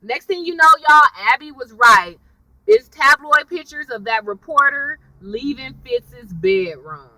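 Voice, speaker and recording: A woman recaps a TV episode in loose, gossipy chat, often calling her viewers y'all. Her voice sits fairly high and rings very bright. She swings her pitch up and down with a lot of energy, recorded close and dry. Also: unhurried, dry recording, far from the mic, rough recording. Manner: chatty, animated, addresses viewers as y'all. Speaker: TV recap vlogger.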